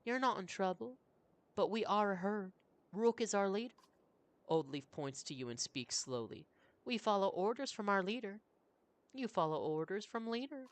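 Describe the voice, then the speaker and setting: A streamer voicing a calm older healer woman. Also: mid-range voice, no room sound, pitched above the performer's own voice, close to an everyday voice. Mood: patient. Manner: slow, careful speech.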